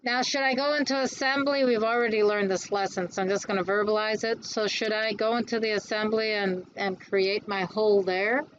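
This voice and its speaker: A woman instructor giving a classroom lecture on design software, chatty and quick to answer her own questions. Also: mid-range voice, steady tone, highs cut off, a little hiss or hum.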